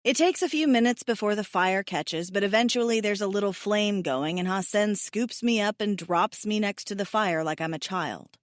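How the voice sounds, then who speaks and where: A woman reads a first-person romance audiobook with an emotive, self-mocking delivery that leans tearful. Her voice sits at a middling pitch. The recording is dry and close, with no room sound. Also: normal speed, few pauses, no room sound. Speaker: audiobook narrator.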